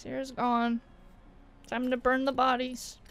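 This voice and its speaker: High-voiced tearful woman gamer. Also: monotone, measured pace, a bit bright, a little hiss or hum. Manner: emotional, tearful and swearing. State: crying. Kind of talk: let's play reaction.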